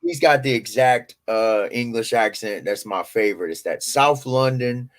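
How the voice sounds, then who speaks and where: This is a man talking casually with a friend on a stream. He jokes, swears and lets his sentences trail off. His voice sits at an ordinary middle pitch. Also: moderate pace. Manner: loose, joking, swearing, trailing off. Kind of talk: casual chat.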